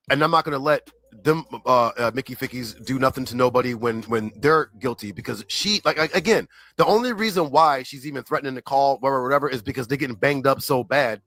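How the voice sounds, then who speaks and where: A man's voice: medium pitch, fairly bright tone, rough recording. A man chatting casually on a livestream, rambling in slang and packing his talk with filler words. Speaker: livestream regular reading chat.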